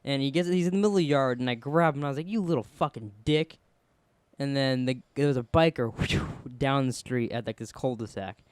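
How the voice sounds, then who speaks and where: A man's voice: medium pitch, fast talker, few pauses, clear, resonant tone, no echo. A young man co-hosting a podcast, rambling through stories in casual chat, acting out quotes and swearing often. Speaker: podcast co-host.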